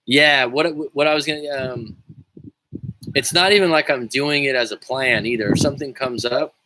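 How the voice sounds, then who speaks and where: Male life coach, livestream host, mid-pitched voice, jokey, swears freely, loose rambling delivery. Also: moderate pace, background noise. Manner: joking, profane, rambling with restarts. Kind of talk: casual livestream talk, reading viewer comments.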